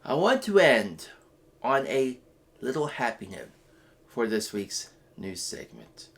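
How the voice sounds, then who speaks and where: A man hosting a weekly web show's news segment, giving earnest, impassioned commentary that swings from quiet to loud outbursts. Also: medium pitch, big pitch swings, slow pace, creaky. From United States.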